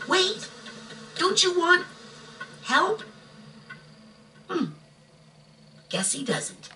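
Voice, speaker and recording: A performer voicing an earnest, curious young psychic boy in a game, inquisitive and gently coaxing. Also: very high-pitched, big pitch swings, drawn-out words, a little hiss or hum, heavily acted. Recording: distant voice over game music.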